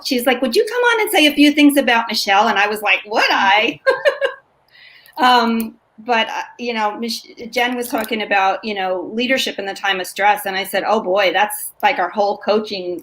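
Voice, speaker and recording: A woman's voice: medium pitch, fairly bright tone. Chatty woman guest with many fillers. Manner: chatty, with frequent fillers and laughs. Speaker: guest, former coaching client. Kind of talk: casual chat.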